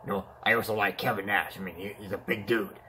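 A man's voice: on the low side, steady tone, fast talker, sharp tone, slight background noise. A man voicing a boastful, whiny male clown villain in a toy-figure fan play, pleading and taunting by turns and yelping in pain.

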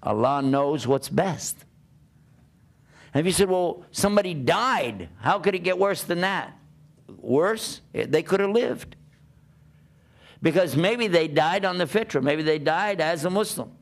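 A man's voice: fairly high pitch, a little slow, long pauses. An older American man preaching a conversational sermon, telling stories and asking rhetorical questions. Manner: animated storytelling with rhetorical questions. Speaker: Islamic preacher.

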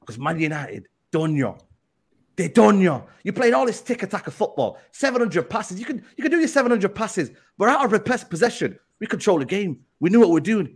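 A man's voice: high-pitched, husky. A man with a London accent, a football pundit on a podcast, taunting a rival fan with boastful, heated banter.

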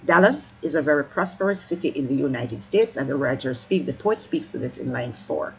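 Exam-prep teacher voice, middle pitch, methodical line-by-line talk with quick "sorry" corrections, over a faint background hiss. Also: animated, gravelly, low-quality recording. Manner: stops to correct slips, apologizing mid-sentence; urges listeners to keep up. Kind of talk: explaining a poem line by line.

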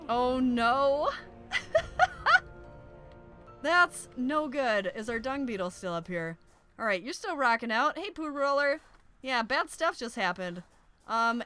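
Young woman let's-play host, high bright voice, excitable and giggly. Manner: excitable, shrieks and laughs at in-game danger. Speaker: gaming YouTuber.

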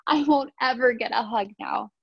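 A woman's voice: on the high side, moderate pace, creaky, slightly rough, dry recording, lo-fi sound. A woman voicing a grumpy, lonely young male porcupine in a storybook, talking in a sulky mutter.

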